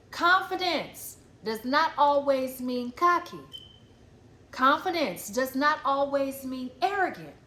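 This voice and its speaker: In a high-pitched, somewhat bright voice, a woman working as a spiritual coach gives a frank, forceful spiritual pep talk, casually swearing and repeating herself for effect. Her recording sounds echoey, with faint ambient noise.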